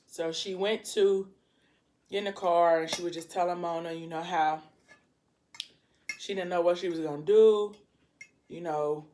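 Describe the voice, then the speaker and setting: A woman vlogger telling a casual, rambling story while eating on camera, with quick apologetic asides to her viewers. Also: on the low side, darkish tone.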